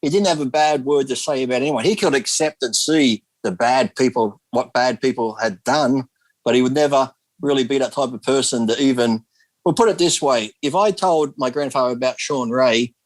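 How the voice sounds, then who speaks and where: A man's voice: medium pitch, moderate pace, no echo. Man, casual rambling chat, swears, dry close sound. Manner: rambling storyteller, swears freely. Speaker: guest.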